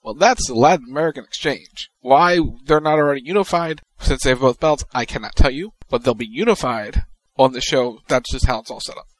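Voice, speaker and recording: A man co-hosting a wrestling podcast, talking through upcoming matches in a relaxed, matter-of-fact way. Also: mid-range voice, a little fast, hardly any pauses, no echo. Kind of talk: casual chat.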